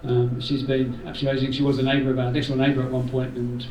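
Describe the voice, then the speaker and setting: A man's voice: medium pitch, completely flat delivery, rapid-fire, slight background noise. New man thanking a roomful of people. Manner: warm, rambling, jokey asides. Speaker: event organiser giving thanks. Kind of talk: informal thank-you speech. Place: indoor community room. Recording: roomy hall, voice from far off.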